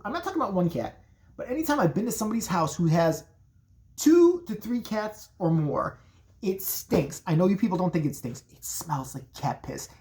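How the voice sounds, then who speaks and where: Brash, swearing woman with a low voice. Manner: brash, swearing, rambling and animated. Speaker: comedic storyteller. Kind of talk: profane comedic rant.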